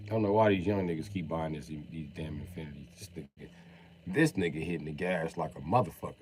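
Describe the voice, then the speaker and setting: A man's voice: rumbling low, fast talker, darkish tone, a little hiss or hum. A man from Wisconsin chatting casually on a live stream, swearing freely, joking and laughing often. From Wisconsin, USA.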